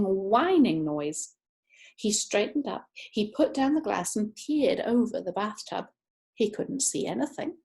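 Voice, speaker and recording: A woman narrating a children's book, expressive and stretching words for effect. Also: medium pitch. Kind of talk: children's audiobook reading.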